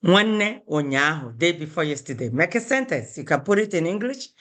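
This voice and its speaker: A woman teaching an online language class, patiently repeating phrases slowly and calling on students by name. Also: lowish voice, big pitch swings.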